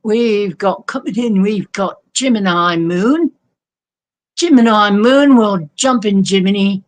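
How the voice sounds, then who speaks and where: A woman's voice: mid-range voice, slow. A woman hosting a casual livestream of readings, joking playfully and giggling to herself as she greets viewers. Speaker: livestream host giving readings.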